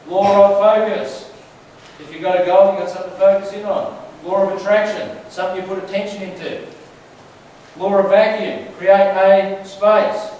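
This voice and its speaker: A fairly high-voiced man preaches in a relaxed, storytelling way, firing questions at the congregation. His voice rings around a large, very echoey hall, heard from a distance with a faint hum of room noise. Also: normal speed. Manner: chatty, storytelling, asks the crowd questions. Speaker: church speaker. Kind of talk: conversational sermon. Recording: very echoey hall, mic far off.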